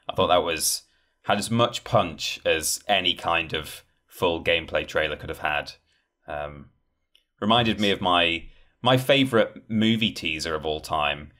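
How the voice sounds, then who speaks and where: Deep-voiced man co-hosting a podcast. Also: measured pace. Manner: rambling, animated retelling with acted-out quotes. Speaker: podcast co-host. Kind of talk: casual chat.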